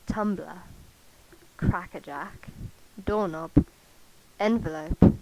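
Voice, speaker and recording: A woman's voice: lowish voice, slow, mellow, low-quality recording. Chatty woman with faint mic hiss. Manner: chatty, self-mocking, swears casually. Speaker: vlogger. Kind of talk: casual chat. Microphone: cheap karaoke mic.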